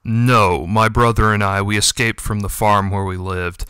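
A brave young tomcat, as a man reading aloud puts him on speaks with forceful defiance that hides his fear. His voice is bright, smooth and crisp, a little low, and close with a dry sound. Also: fairly even intonation, moderate pace, no room sound. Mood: defiant. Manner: forceful, defiant, a touch stammering. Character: young male cat, brave but nervous elder brother. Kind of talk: audiobook character voice.

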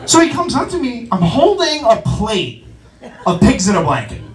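Brash, high-pitched stand-up comic in a club. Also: male voice, normal speed. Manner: brash, profane, animated. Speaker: stand-up comedian. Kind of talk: stand-up comedy set. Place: comedy club. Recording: roomy club sound from a distance, audience.

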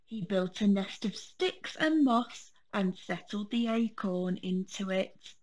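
A woman teacher reading a children's storybook aloud, gentle and expressive. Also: medium pitch, takes it slowly.

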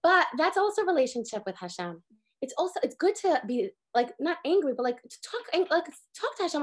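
A woman in her thirties with a high, quick voice gives a casual Torah lesson. She talks fast and with energy, acting out exasperated little prayers mid-sentence. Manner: animated, acts out exasperated prayers. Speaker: Torah teacher. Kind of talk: casual online class.

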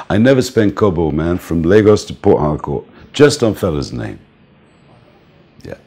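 An older man with a very low, deep voice tells stories in an interview. He is animated and laughs easily. He slips into the voices of the people in his tales. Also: normal speed. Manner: animated storyteller, laughs often, acts out the people he quotes. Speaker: music manager interviewed. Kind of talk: anecdotal interview storytelling.

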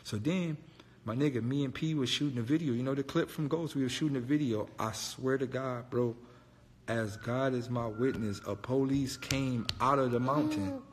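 A man casually telling a story, animated, slangy and profane. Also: medium pitch, moderate pace, in a large hall, a little hiss or hum. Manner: animated, profane, slangy, keeps saying "bro".

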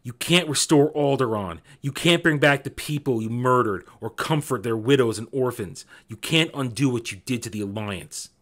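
A man reading aloud as a defiant young woman who makes sharp, angry demands. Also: mid-range voice, normal speed, few pauses, close to an everyday voice.

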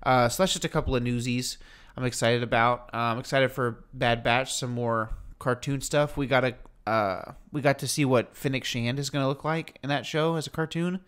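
A man co-hosting a podcast, talking in a rambling, jokey and animated way as he chats with his brother. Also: mid-range voice, normal speed, clear, resonant tone. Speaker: podcast co-host. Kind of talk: casual chat.

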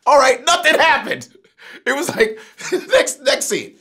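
Excitable profane man, bright voice. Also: very high voice, moderate pace, slightly rough. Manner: animated, profane, prone to outbursts. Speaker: guest, comedian. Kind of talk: casual interview chat.

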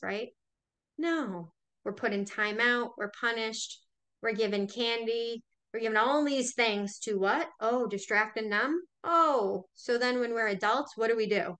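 A woman's voice: on the high side, measured pace, a bit bright. A woman hosting a spiritual talk, speaking emphatically to her viewers with rhetorical questions and frequent swearing.

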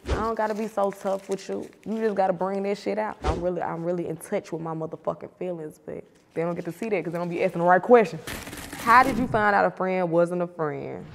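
A woman with a lowish voice talks casually as an interview guest, blunt, profane and playful. Her voice carries a long reverb, and faint noise sits underneath. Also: fairly quick, creaky.

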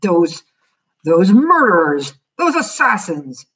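A woman voicing a proud, stern father who grumbles at his family in a storybook reading, with a husky voice. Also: low-pitched, a little slow, a bit bright, distant mic, low-quality recording. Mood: stormy.

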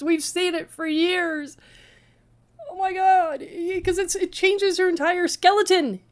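A woman's voice: very high-pitched, steady tone, a little slow. A woman hosting a reaction commentary, exasperated and stammering as she talks back at a clip. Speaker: commentary channel host.

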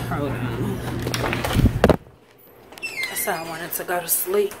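Chatty woman vlogger, noisy car. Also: on the low side. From Texas, USA. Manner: chatty, rambling, talks straight to viewers. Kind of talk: casual chat to viewers. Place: in a car and at home. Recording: loud background noise from a car.

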